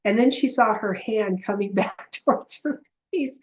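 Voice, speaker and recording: A woman's voice: mid-range voice, a little slow, lo-fi sound. A woman giving a live online lesson as a healing teacher, telling stories with animation and speaking straight to her viewers. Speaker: energy healer and heart coherence teacher.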